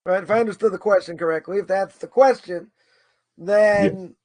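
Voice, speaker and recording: High-voiced man lecturing informally. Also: normal speed, a little mellow, no echo. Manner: thinking aloud, argues both sides, many repetitions and "right?". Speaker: Torah course teacher. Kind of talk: informal lecture answering a question.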